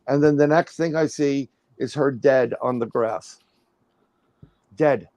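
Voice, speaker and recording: A slow, medium-pitched male voice with no room sound belongs to a middle-aged paranormal researcher on a livestream. As a guest, he tells a casual, meandering, animated story, restarting and performing the quotes of the people involved.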